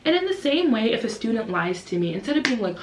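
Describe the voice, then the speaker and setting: A woman in her twenties, an English teacher vlogging casually to camera, who keeps slipping into high, lively voices to act out her students and herself. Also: fast talker, background noise. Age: 20s. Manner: animated, acts out kids and teachers in high voices. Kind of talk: casual vlog talk to camera. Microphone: camera's built-in mic. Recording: roomy echo.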